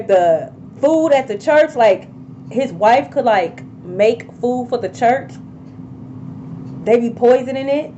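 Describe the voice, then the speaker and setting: A woman giving a casual tarot reading to viewers, blunt and profane, with sudden loud outbursts. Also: fairly high pitch, dull audio, slight background noise. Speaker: tarot reader.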